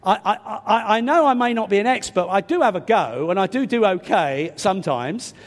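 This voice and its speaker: An older English man preaches in a high, lively voice that climbs and dips a lot as he tells a chatty, self-deprecating story. His nose sounds a little stuffy. The sound carries a long reverb from a large hall. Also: normal speed. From England. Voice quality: slightly stuffy nose from a cold. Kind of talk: sermon with personal anecdote.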